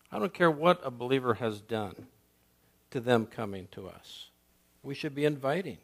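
Male pastor, sermon delivery, emphatic with rhetorical questions and shifts from loud to soft. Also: medium pitch.

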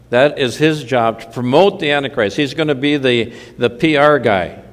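A man preaching a sermon in a conversational way, dropping mildly sardonic asides as he goes. His voice sits at an ordinary middle pitch and carries a long reverb from the hall around him. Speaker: pastor.

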